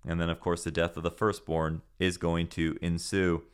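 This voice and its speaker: A man's voice: sits low, flat delivery, normal speed, clean tone. A man teaching a Bible passage on a podcast in an earnest, preaching manner, asking rhetorical questions and answering them.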